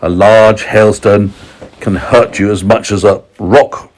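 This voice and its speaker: Man, bedtime story reading, slow, expressive, low voice, explains words to a child.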